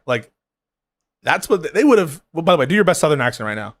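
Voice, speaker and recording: A man's voice: on the high side, very animated, fast talker. A man hosting a casual live debate, pressing his guest with needling, sarcastic questions. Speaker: host.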